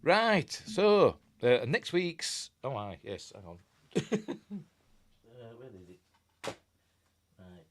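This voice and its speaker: Speaking in a medium pitch, this Yorkshire-accented film review host is very animated on his casual livestream, drawing out words and leaving long pauses. He rambles and chuckles while responding to comments from viewers.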